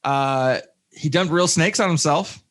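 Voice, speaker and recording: A man's voice: fairly high pitch, unhurried, fairly bright tone. A man co-hosting a casual movie review podcast, rambling with many fillers and restarts, with jokey asides. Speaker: podcast co-host.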